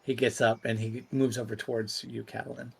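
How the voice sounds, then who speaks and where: A man's voice: mid-range voice, level tone, fairly quick, gravelly, breathy edge. A man narrating a tabletop game as game master, casual and rambling.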